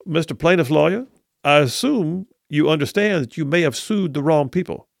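A man imitating an old, wizened male federal judge with a Southern accent and a slow, formal, pointed way of speaking. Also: on the high side, lively intonation, creaky, dry recording, clean studio sound. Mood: dry, knowing.

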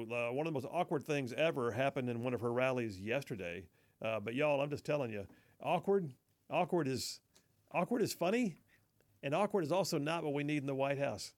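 A man hosting a political talk radio show, mocking and folksy, often saying y'all, speaking in a studio. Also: mid-range voice.

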